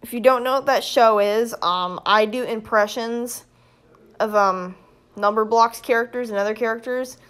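A woman, vlogging casually at home and excitedly showing things off to her phone camera. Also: fairly high pitch, moderate pace, clear, resonant tone. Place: indoors at home.

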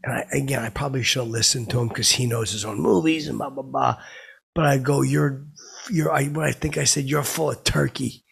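A man's voice: medium pitch, fairly even intonation, gravelly, fairly bright tone, slightly rough, heavily acted. A man playing a boastful, clueless middle-aged guy who rambles and stalls with fillers, calling himself by name in the third person. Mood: rambling. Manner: rambling, halting, full of fillers and "blah, blah". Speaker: podcast host. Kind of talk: improvised comedic character monologue.

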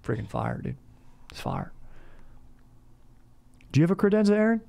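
A man's voice: high-pitched, wildly swooping pitch, moderate pace, vocal fry, mellow. A young man hosting a comedy podcast, chatting casually in bro slang and saying "dude" all the time. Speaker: podcast host.

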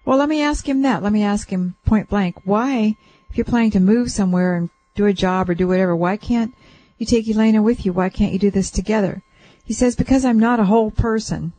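Woman radio host doing a psychic reading for a caller. Mellow, gentle and reassuring, relays it bit by bit. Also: medium pitch, brisk, rough recording. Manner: gentle, reassuring, relays what she senses in layers. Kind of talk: soothing call-in reading. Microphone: radio studio mic.

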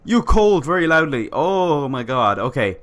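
A man giving let's-play commentary, excitable and swearing often as he reads on-screen text aloud. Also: a little high, normal speed, slight background noise. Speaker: gamer playing a survival game.

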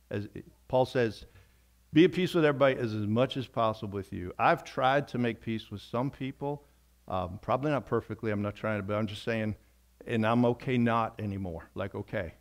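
Earnest man preaching a sermon. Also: fairly low pitch. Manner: earnest, conversational preaching with repeated phrases. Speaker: pastor. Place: church sanctuary.

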